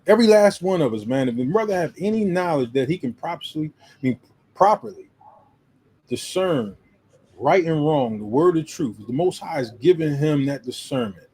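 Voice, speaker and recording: A man's voice: on the high side, lively intonation, moderate pace, a little mellow, rough recording. A man co-hosting a casual discussion who makes emphatic, preacher-like points. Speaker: podcast co-host.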